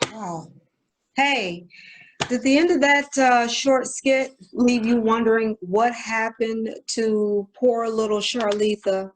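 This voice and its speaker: A woman's voice: fairly high pitch, slight background noise. A woman minister teaching a sermon in a conversational, emphatic way. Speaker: assistant pastor.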